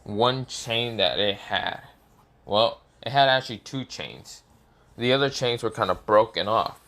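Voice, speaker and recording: A man's voice: lowish voice, pushed and bright. A man casually narrating an improvised fan story, rambling with fillers and self-corrections.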